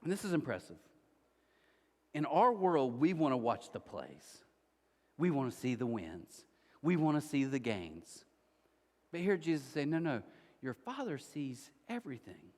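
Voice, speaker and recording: A man in his forties preaching a sermon in a church auditorium, telling stories in an animated way and acting out the quotes. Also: mid-range voice, unhurried, long pauses, in a large hall. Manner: animated storytelling, acts out quotes. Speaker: pastor.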